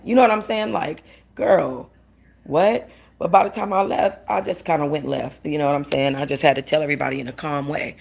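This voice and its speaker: A woman, casually telling a story in an animated rant, quoting the people involved and swearing. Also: low voice, brisk, gravelly, breathy edge. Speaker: vlogger.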